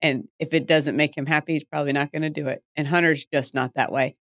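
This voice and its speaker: A woman's voice: sits low, steady tone, fast talker. A woman in her forties hosting a podcast, chatting casually, laughing often and poking fun at herself. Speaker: podcast host. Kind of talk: casual chat.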